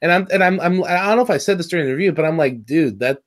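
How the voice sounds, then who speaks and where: A man from California with a Californian accent, co-hosting a casual review chat, rambling and excitable with lots of fillers and restarts. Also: high-pitched, very fast. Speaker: podcast co-host reviewing a cartoon episode.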